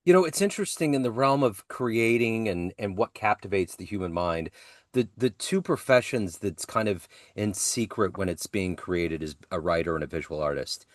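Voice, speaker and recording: Male podcast host; deep voice, dry room, loose rambling questions. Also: expressive, moderate pace, dry recording. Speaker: interview host. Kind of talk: casual interview conversation.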